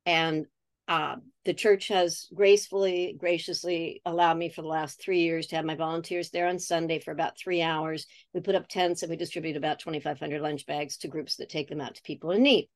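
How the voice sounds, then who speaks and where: A woman in her sixties speaks in a fairly low voice as a podcast guest. She talks earnestly and reflectively, in a relaxed, casual manner. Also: fairly quick, no room sound. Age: 60s. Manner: earnest and reflective, acts out remembered dialogue. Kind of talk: casual conversation.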